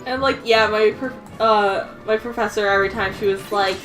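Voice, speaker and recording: A woman's voice: medium pitch, steady tone, moderate pace, a bit bright. A young woman chatting casually while playing a game, rambling, giggling often and swearing freely. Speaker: let's play co-host. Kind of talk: casual chat over gameplay. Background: faint game music.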